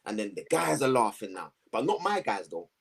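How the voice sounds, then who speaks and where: A man, telling his story to two hosts in a lively, slangy way, acting out the voices of people around him. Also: lowish voice, fairly quick, creaky, crowd noise. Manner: animated, slangy storytelling with acted-out quotes. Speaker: guest. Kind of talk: storytelling in a conversation.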